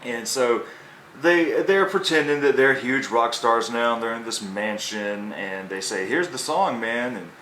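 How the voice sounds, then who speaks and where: A man's voice: mid-range voice, unhurried, bright, forceful tone, slight background noise. A man co-hosting a casual movie review podcast, retelling scenes from the plot and acting out the characters' lines. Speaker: podcast co-host. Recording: echoey room.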